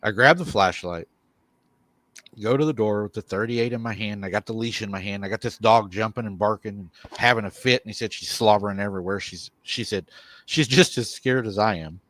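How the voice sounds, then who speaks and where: A man's voice: fairly low pitch, brisk, a bit bright, dry recording. A man hosting a live show, retelling a viewer's encounter and quoting him at length. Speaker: host.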